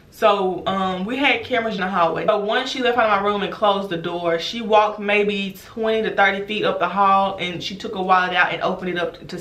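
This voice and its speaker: A woman, a former teacher, telling a storytime vlog in an animated, emphatic way, speaking straight to her viewers. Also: mid-range voice, echoey room. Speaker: teacher and vlogger.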